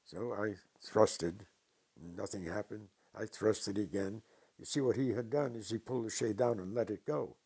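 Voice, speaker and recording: An older man from New York telling stories from his past slowly and with dry humor in an interview. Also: fairly low pitch, dark tone, slightly rough. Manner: slow, deliberate anecdotes with dry humor. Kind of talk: storytelling interview.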